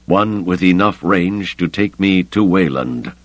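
A man voicing an unstable older male Jedi Master who speaks slowly and imperiously, in an audiobook reading. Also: deep voice, expressive, no echo. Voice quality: slow, deliberate, commanding.

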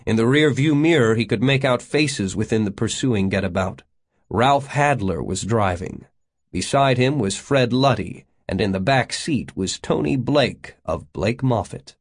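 A man narrating an audiobook in a steady storytelling manner. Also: medium pitch, measured pace. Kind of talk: scripted narration.

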